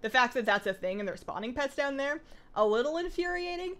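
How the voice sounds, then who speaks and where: Fast-talking Canadian woman streamer. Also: sits high, lively intonation, a bit bright. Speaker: game streamer. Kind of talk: casual live-stream chat while gaming.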